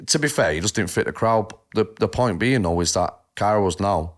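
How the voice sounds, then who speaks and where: A man's voice: fairly low pitch, normal speed. A man telling stories in casual podcast chat, swearing freely and acting out what people said. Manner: animated storyteller, swears freely, acts out dialogue. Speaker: podcast co-host.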